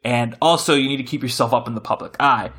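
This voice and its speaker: A man hosting a casual podcast chat, rambling and correcting himself as he talks with animated shifts. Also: medium pitch, fast. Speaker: podcast host.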